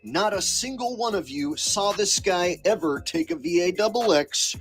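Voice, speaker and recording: Man, high voice, sarcastic and insistent, commentary vlog, faint music underneath. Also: expressive, moderate pace, fairly bright tone. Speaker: online commentator.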